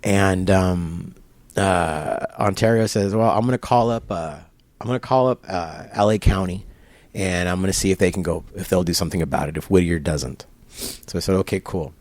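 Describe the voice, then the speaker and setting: Low-voiced man retelling a story animatedly. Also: normal speed, no echo. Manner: animated retelling with quoted dialogue and laughs. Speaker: interview guest. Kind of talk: storytelling in casual conversation. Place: barber shop.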